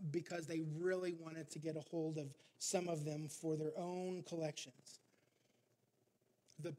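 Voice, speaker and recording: A man's voice: a little high, a little mellow. A male pastor preaching a sermon, narrating a story with frequent filler words.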